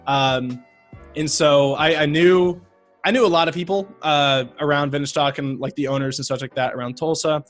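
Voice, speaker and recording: A man, a podcast guest telling a long story in casual talk, rambling and animated with lots of fillers. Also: a little high, normal speed, soft background music.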